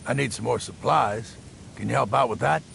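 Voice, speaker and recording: A man's voice: medium pitch, moderate pace, gravelly, a bit bright, slight background noise. An actor playing a male village trader who asks politely for help with supplies. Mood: asking. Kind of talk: video game voice acting.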